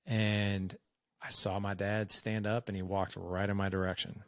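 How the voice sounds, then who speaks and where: A man's voice: lowish voice, level tone, normal speed, fairly bright tone, no echo, studio quality. A man in his forties, a podcast guest, telling a personal story in a frank, conversational way and acting out the dialogue. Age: 40s.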